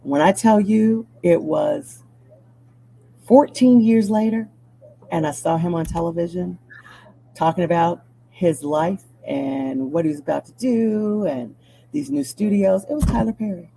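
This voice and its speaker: Middle-aged woman guest, warm dark tone, reflective storytelling, faint noise behind. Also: lowish voice, measured pace, creaky, poor audio. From Chicago, USA. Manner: reflective, animated when telling stories. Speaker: TV news anchor, guest. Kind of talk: personal storytelling in an interview.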